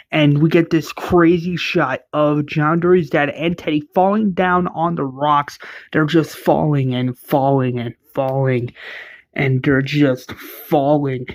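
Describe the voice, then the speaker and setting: A man's voice: fairly high pitch, no echo. A young man casually retelling a fan-made story scene by scene, rambling with fillers and restarts.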